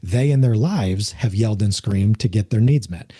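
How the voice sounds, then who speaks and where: Dark, husky-voiced man explaining earnestly. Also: fairly low pitch, moderate pace. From United States. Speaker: podcast guest, former police officer. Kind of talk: conversational interview talk.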